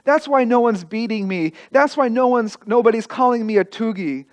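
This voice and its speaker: A man's voice: extremely high pitch, normal speed. A man speaking as a young adopted girl, repeating her words in stunned wonder.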